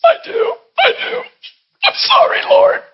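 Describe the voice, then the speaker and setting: A man playing a grieving middle-aged wife who shouts bitterly and then weeps. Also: extremely high pitch, expressive, a little slow, muffled recording, voice pushed up. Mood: weeping. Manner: shouting, then weeping apologies. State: crying.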